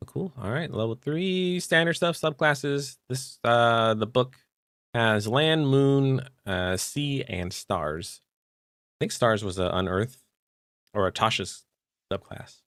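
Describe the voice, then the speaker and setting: A man co-hosting a podcast, chatting casually about tabletop game rules with relaxed fillers. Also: mid-range voice, slow pace, no room sound, clean studio sound. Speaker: podcast co-host.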